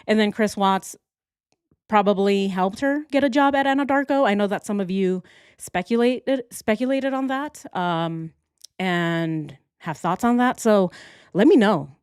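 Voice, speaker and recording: A woman's voice: medium pitch, unhurried, a little mellow, clear, resonant tone, no echo, studio quality. A woman hosting a casual livestream, joking with her chat and thinking aloud as she works through a timeline. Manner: playful, jokey, addresses chat directly. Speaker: true crime livestream host.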